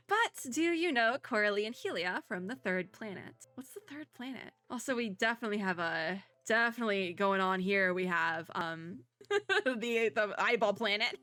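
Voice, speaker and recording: A woman streamer reacting to a game's story and reading its dialogue aloud, bubbly and gushing, often laughing and squealing when excited. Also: mid-range voice, moderate pace, faint music behind. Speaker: VTuber streamer.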